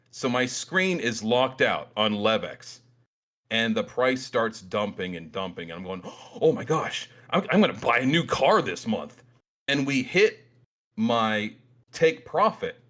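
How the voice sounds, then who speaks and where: Animated, self-mocking man host. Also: mid-range voice. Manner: animated, self-mocking storytelling with loud outbursts. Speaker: trading channel host. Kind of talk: casual monologue to camera. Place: small room at his desk.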